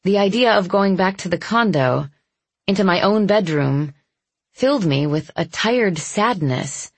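Husky low woman reading a novel aloud in first person, steady even delivery, dry close mic. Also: measured pace, dry recording. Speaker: audiobook narrator.

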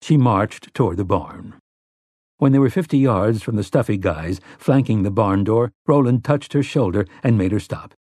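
A man narrating an audiobook in a measured, steady storytelling manner. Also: lowish voice, no room sound, studio quality. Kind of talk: scripted narration.

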